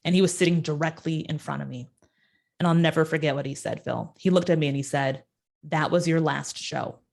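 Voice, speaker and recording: Animated woman telling a personal story. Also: fast, gravelly. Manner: animated, acts out quotes with sudden pitch jumps. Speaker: guest storyteller.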